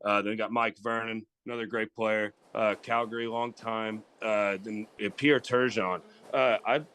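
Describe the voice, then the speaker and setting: A man's voice: lowish voice, little pitch movement, normal speed, fairly bright tone, clear, resonant tone. A man co-hosting a casual sports talk show, rambling and restarting his sentences with lots of fillers. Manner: rambling, repeats himself with many fillers. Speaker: co-host.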